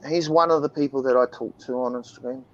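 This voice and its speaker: A man's voice: medium pitch, fairly even intonation, quick pace, a little hiss or hum. A man hosting a casual chat, laid-back and swearing freely. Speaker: host. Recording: dull lo-fi audio.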